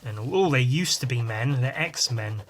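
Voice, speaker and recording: A man's voice: mid-range voice, lively intonation, normal speed, slight background noise. A man hosting a podcast, talking in a casual, rambling monologue that is full of swearing and asides. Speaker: podcast host.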